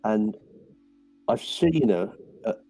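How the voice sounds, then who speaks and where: A man in his sixties with a low, gravelly, mellow voice tells wandering stories in halting bursts. Faint ambience sits behind him. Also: lively intonation, low-quality recording. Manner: halting, digressive storyteller. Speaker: co-host. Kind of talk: casual reminiscing chat.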